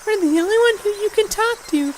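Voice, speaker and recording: A woman's voice: very high-pitched, animated, a little fast, a little hiss or hum, low-quality recording. A woman voicing an eerie teenage girl who stalks a frightened boy, in a sweet, sing-song and menacing way. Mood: creepy sweet. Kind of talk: fan voice acting of a game.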